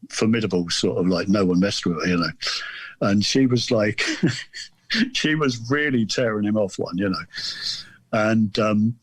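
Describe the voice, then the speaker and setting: A man's voice: fairly low pitch, husky, no room sound. A man around sixty, a guest author telling a rambling, amused anecdote in casual chat.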